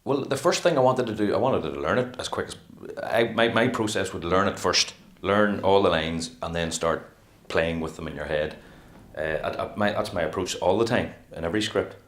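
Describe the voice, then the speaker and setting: A middle-aged male actor chats about his craft in a casual interview. His voice is low, and he rambles with animation, slipping into little acted-out quotes. The room around him is echoey. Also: moderate pace, few pauses.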